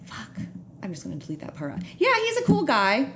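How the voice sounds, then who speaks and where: A young woman hosting a podcast in casual chat, animated and profane, laughing often. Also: mid-range voice, brisk, a little hiss or hum. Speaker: podcast host.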